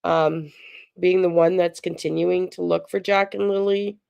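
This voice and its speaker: A woman's voice: lowish voice, steady tone, measured pace, gravelly, a little mellow, clear, resonant tone, no echo, muffled recording. A woman hosting a casual live stream, chatty and sympathetic as she answers viewer chat aloud. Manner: emotional, sympathetic. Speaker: livestream host.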